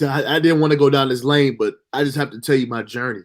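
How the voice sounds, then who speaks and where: A man telling a personal story, emotional and halting, with pauses and restarts. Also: medium pitch. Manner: halting, full of fillers and restarts. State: emotional, near tears.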